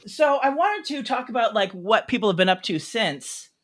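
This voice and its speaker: A man's voice: sits high, animated, normal speed, a bit bright. A man hosting a podcast reunion, chatty and laughing often as he chats casually. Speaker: podcast host. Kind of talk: casual chat.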